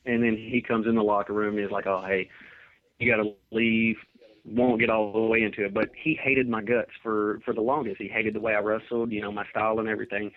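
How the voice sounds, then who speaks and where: A man's voice: lowish voice, flat delivery, fairly quick, no room sound. A man being interviewed as a professional wrestler, telling rambling, laid-back stories from his career over a phone line. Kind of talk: casual interview storytelling. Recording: tinny dry phone line.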